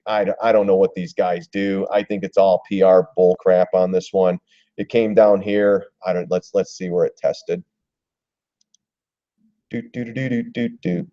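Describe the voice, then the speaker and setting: A man's voice: deep voice, mellow, highs cut off. A man hosting a casual live stream about stock charts, rambling and chuckling as he reads viewers' comments and acts out phone calls.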